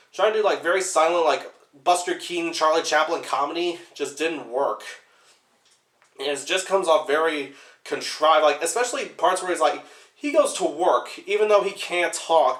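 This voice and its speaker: Young male reviewer, unscripted rambling commentary, a bit high-voiced, echoey room. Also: fairly bright tone. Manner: rambling, fills every pause with "like". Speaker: movie reviewer.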